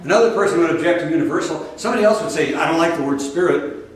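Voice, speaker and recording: A man's voice: a little high, very fast. A man giving a sermon as a spiritual teacher, emphatic and repetitive, talking directly to his listeners. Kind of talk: sermon to a live audience. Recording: very echoey room from a distance.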